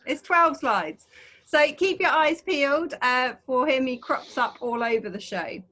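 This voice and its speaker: A woman's voice: high-pitched, animated, moderate pace, sharp tone. A woman co-hosting an online adventure talk over a video call, chatty and rambling, with frequent fillers.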